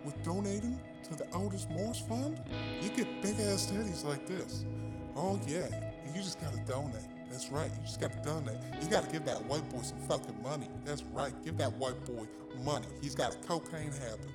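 A woman's voice: sits low, expressive, moderate pace. A woman playing a crude, brash woman pushing a donation drive, teasing and profane. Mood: pushy. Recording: loud music behind the voice.

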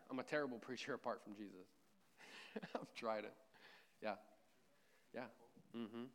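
A man's voice: medium pitch, unhurried, a bit bright. A man preaching a conversational sermon, with joking asides and a self-deprecating tone. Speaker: pastor.

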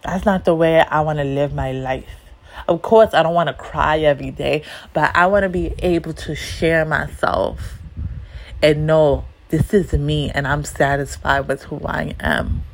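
A woman's voice: sits low, fairly even intonation, measured pace, creaky, a little hiss or hum. A woman hosting a solo podcast, talking bluntly and emphatically with plenty of swearing and repeated lines. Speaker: podcast host.

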